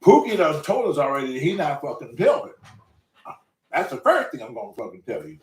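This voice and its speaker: Older man in his sixties, animated and profane storytelling, lively pitch, roomy off-mic sound. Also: a little fast, far from the mic. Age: 60s. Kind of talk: casual storytelling. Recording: roomy room, away from mic.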